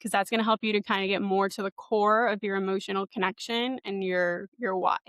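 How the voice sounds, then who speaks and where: A woman's voice: medium pitch, steady tone, brisk, a bit bright, clean tone, no room sound. A young adult woman hosting a webinar, teaching in a casual, encouraging way with many fillers. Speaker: podcast host and marketing coach.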